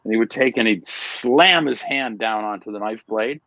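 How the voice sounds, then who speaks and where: A man's voice: lowish voice, moderate pace, pushed and bright, dry recording, highs cut off. A man, a magician, chatting casually and retelling a stage routine step by step. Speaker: magician, conversation partner. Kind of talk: casual reminiscing chat.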